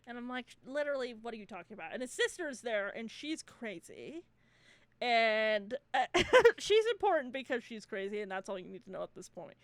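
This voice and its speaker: A woman's voice: on the high side, big pitch swings, moderate pace, dry recording. A young woman co-hosting a casual chat, retelling a movie plot, laughing often, swearing freely and acting out the characters' lines. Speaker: podcast co-host.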